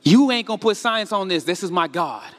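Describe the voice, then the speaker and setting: A man preaches in an animated, conversational way, tossing question after question to his listeners and leaning on casual slang. His voice sits high for a man. The sound rings with the long reverb of a large hall. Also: a little fast, very noisy. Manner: animated, rhetorical questions to the congregation. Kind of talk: sermon.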